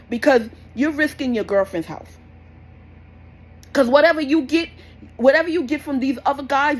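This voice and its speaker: A woman's voice: fairly high pitch, breathy edge, rough recording. A young woman, giving blunt, repetitive parenting advice in a scolding, casual rant. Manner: blunt, scolding, repeats herself. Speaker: parenting vlogger.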